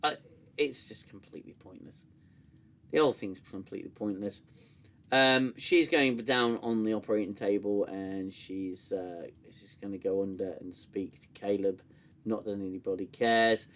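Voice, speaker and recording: A man hosting a casual livestream review, sarcastic and animated, swearing freely. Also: lowish voice, normal speed. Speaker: show host reviewing an episode.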